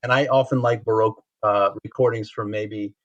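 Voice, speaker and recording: A man co-hosting a casual podcast interview, talking in a hesitant way with many pauses and fillers. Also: fairly low pitch, fairly even intonation, dull audio. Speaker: podcast co-host.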